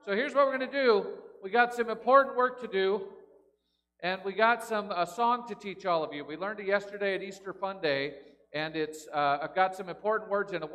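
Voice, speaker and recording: A man's voice: high voice, a bit bright. A man leading a playful children's talk in church, joking and chanting call-and-response lines. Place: large church sanctuary. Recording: long reverb of a big church.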